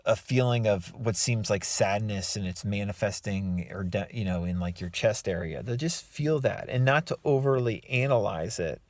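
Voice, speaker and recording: A man who coaches and writes self-help books, giving relaxed, reflective advice to the camera with many fillers and restarts. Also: lowish voice, no room sound. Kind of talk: casual talking-head advice.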